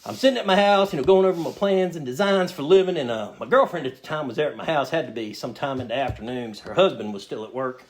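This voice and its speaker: A man's voice: a little high, fast talker, few pauses. A man telling a humorous personal story to a meeting audience, acting out his own lines as he goes. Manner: storytelling, acts out his own quotes in a raised voice. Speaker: recovery meeting speaker. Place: meeting room with a live audience. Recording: audience laughter in the room.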